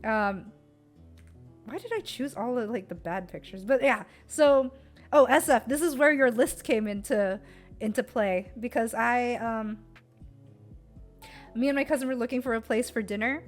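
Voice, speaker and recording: A woman's voice: on the high side, a little slow, pauses often, faint music behind. A young American woman streamer chatting casually about a trip, giggly and full of fillers. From United States.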